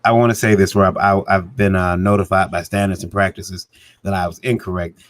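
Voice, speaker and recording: A man's voice: deep voice, level tone, brisk, no echo. A man talking casually about writing comics, rambling with many fillers and restarts and chuckling often. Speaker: comic creator, podcast co-host. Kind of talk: casual discussion.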